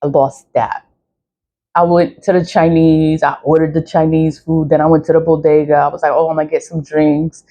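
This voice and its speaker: A woman's voice: deep voice, little pitch movement, moderate pace, dark tone, dull audio. A woman talking in a casual rambling monologue, swearing freely, repeating herself and laughing often. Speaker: spiritual product vlogger.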